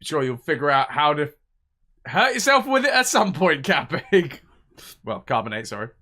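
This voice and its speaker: A man's voice: a little high, very animated, normal speed, pushed and bright. A man, chatting casually on a live game stream, thinking aloud and reading out viewer messages.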